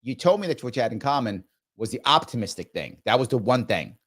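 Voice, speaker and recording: A man's voice: medium pitch, lively intonation, fast talker, fairly bright tone. A man hosting a live reaction show, commenting on a clip in a sarcastic, mocking way.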